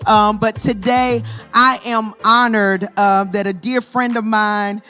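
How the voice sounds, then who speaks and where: A woman hosting a women's ministry event at a church, talking to the audience in an excited, chatty way. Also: mid-range voice, slow, faint music behind. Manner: excited, chatty, laughs often, addresses audience directly. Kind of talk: hyped live event hosting.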